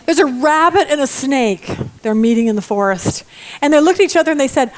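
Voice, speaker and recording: A middle-aged woman teaching a Bible study lesson in a lively, expressive way, with joking asides. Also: high voice, fairly quick.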